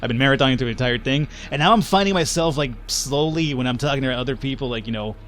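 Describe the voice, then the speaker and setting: A young man hosts a let's play, chatting and joking casually while he plays and swearing now and then. His medium-pitched voice is fast and a bit bright, with a little hiss or hum on the recording.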